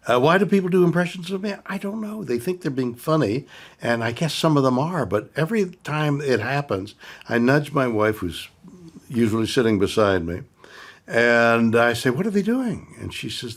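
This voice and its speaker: An older man with a husky voice, sounding exasperated as he comments, stumbling over repeated words. His pitch swings widely between low grumbles and sharp rises. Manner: exasperated, stammering repetitions. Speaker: actor reviewing impressions. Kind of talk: casual commentary.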